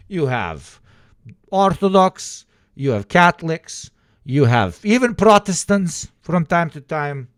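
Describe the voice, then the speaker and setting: A man rants on a livestream, swearing and mocking in put-on voices. His pitch swings widely as he talks. The sound is close and dry, with no room around it. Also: takes it slowly, dry recording. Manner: profane, animated ranting with sarcastic mock voices. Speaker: streamer. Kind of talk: casual livestream commentary.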